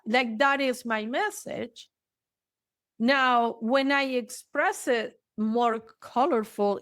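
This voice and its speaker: A woman therapist talking frankly in an interview, swearing freely and choosing her words deliberately. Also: a little high, a bit bright, no echo. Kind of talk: casual interview talk.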